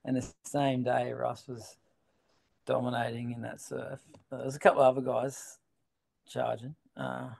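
A man's voice: mid-range voice, monotone, a little slow, creaky, darkish tone. A middle-aged Australian man, a big wave surfer, telling long rambling stories in a casual interview, swearing and laughing freely.

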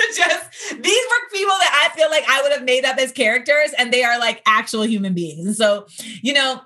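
Hosting a podcast segment, a woman comedian in her thirties chats her way through stories in a casual monologue, leaning on fillers such as "you know." Her voice sits high with lively intonation, and she speaks briskly in a bright, forceful tone.

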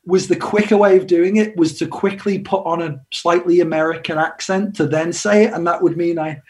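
A man's voice: on the high side, steady tone, fairly quick. A young English man, a musician, chatting in an interview over a video call, self-deprecating and laughing often. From England. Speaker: musician guest.

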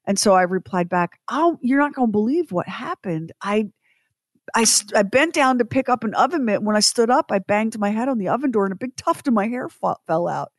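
A woman's voice: a little high, expressive, fairly quick, dry recording, clean studio sound. A middle-aged woman co-hosting a radio show, casually telling a story and acting out quotes in exaggerated voices with self-mocking humor.

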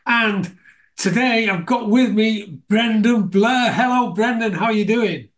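A man's voice: high voice, measured pace. A man from Scotland hosting a casual interview, chatty and enthusiastic, laughing often. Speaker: podcast host.

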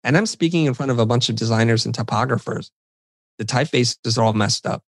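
A middle-aged man speaking fast in an even, mid-pitched voice tells animated stories about being a podcast guest, mocking himself and slipping into quoted dialogue. The recording is dry and close, with no echo or room sound.

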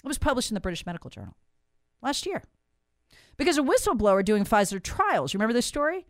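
A woman's voice: a little high, very animated, fast talker, dry recording, studio quality. A woman, hosting and delivering an angry, emphatic monologue full of rhetorical questions. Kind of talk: impassioned monologue.

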